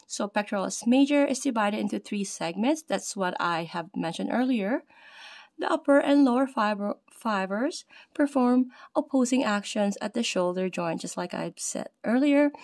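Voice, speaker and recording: A woman presenting an anatomy lesson over slides, reading her notes aloud with many fillers and slowing down to spell out terms. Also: mid-range voice, a little mellow.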